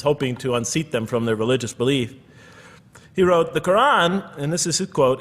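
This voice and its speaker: A man's voice: on the high side, a bit bright. An American man giving a public lecture to an audience, conversational with wry asides. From United States. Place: large lecture hall with audience. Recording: long reverb of a large hall.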